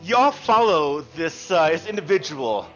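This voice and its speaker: A man guides his players as game master, his voice high and swooping as he explains. The mic sounds dull and lo-fi, with faint music behind. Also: big pitch swings, unhurried, a bit bright. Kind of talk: running a tabletop game.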